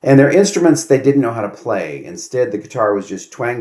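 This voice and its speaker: A man's voice: medium pitch, big pitch swings, a little fast, dark tone. An older man hosting his own show, delivering a casual solo monologue at home full of sarcastic complaints and rhetorical questions. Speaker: host.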